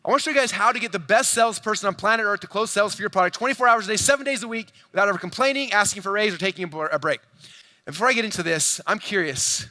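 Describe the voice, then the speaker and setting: A man giving an energetic keynote talk at a large convention, talking fast to the crowd and acting out dialogue in his stories. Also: sits high, dry recording. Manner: fast, hyped, addresses crowd directly, acts out quoted dialogue. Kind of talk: energetic stage presentation. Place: large convention hall stage.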